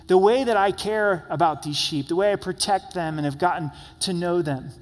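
A young adult pastor with a high male voice preaches an earnest, conversational sermon at a church service at a moderate pace, his words trailing into a long reverb tail. He often repeats words as he speaks.

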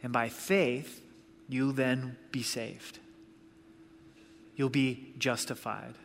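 A man's voice: medium pitch, level tone, very slow, gravelly, slight background noise. A man preaching a sermon as a pastor, earnest and conversational, driving points home with repetition. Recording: long hall reverb.

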